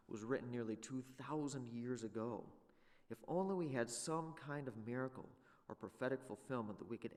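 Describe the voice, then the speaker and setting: A man's voice: fairly low pitch, long reverb tail. A man teaching a Sunday school lesson in a church, conversational and full of rhetorical questions.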